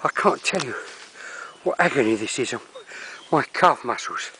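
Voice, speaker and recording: A man's voice: medium pitch, lively intonation, moderate pace, bright, forceful tone, slight background noise. An older man with a Cockney accent, wheezing and out of breath as he narrates a climb up a steep wooded hill. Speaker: vlogger. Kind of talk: walking vlog narration. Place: steep wooded hillside outdoors.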